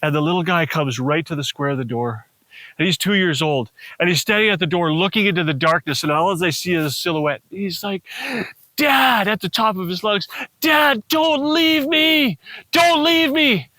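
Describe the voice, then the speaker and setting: A pastor preaching a sermon tells a personal story with feeling, acting out the voices in it as he rises to pleading cries. His voice is a little high, bright and forceful, with brisk delivery and no echo.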